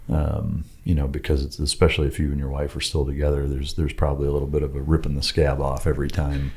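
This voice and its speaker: A middle-aged man hosting a podcast, talking in a relaxed, halting way with lots of fillers. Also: extremely low pitch. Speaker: podcast host. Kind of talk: casual interview chat.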